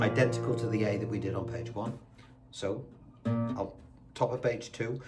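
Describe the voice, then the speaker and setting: A low-voiced man talks through a guitar lesson in a chatty, reassuring way. He counts the beats aloud over loud guitar playing. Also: normal speed. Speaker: guitar teacher. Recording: guitar playing loudly behind the voice.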